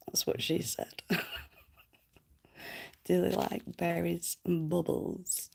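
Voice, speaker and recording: Woman streamer, low and unhurried, giggles and whispers into a close mic. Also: level tone, creaky, a little mellow. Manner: chatty, giggly, often whispering. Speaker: livestreamer. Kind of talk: casual livestream chat.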